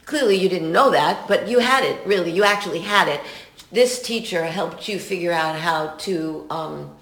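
A woman's voice: on the low side, normal speed, a bit bright. A woman hosting an interview, asking questions and encouraging her guest. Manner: encouraging, affirming, laughs along. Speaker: interviewer, host. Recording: echoey room.

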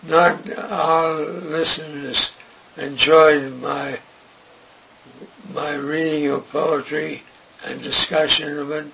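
An older man being interviewed, recalling his past in a slow, halting way with many pauses. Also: fairly high pitch, flat delivery, gravelly, bright, forceful tone. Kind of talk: oral history interview. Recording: noisy recording with clicks.

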